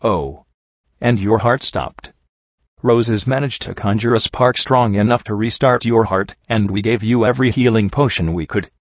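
A gentle, anxious young pony mare who speaks softly and slowly with a shaky edge, as a man reads her in a low voice. The sound is dull and close, with no room around it. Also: dry recording, natural voice. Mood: shaken. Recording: dull, dry.

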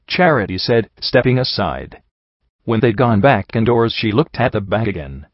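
A man narrating a story in the first person, reading in a measured, somber way. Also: fairly low pitch, animated, no room sound. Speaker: audiobook reader. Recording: dull lo-fi sound.

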